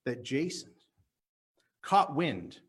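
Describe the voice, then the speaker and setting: A man preaching a sermon at a church service, earnest and teaching, slowing down to stress key words. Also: mid-range voice, big pitch swings, fairly bright tone, slightly rough. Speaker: pastor. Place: church service on a live stream.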